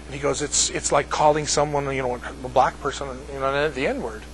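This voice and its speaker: A man's voice: medium pitch, fairly even intonation, normal speed, slight background noise, low-quality recording. An older American man telling a rambling story to a group, repeating words and laughing at his own jokes. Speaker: speaker addressing a group. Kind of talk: casual storytelling.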